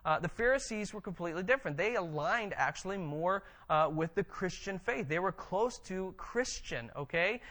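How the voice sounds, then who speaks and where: Male pastor, higher register, animated teaching sermon with frequent restarts. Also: normal speed, few pauses. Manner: conversational, animated, frequent restarts and tag questions.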